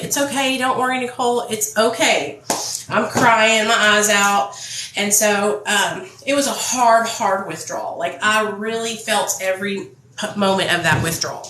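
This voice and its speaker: A woman's voice: medium pitch, a bit bright, roomy sound, rough recording. A young woman vlogger chatting candidly and swearing freely as she tells her story while doing her makeup. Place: indoor room, phone ringing.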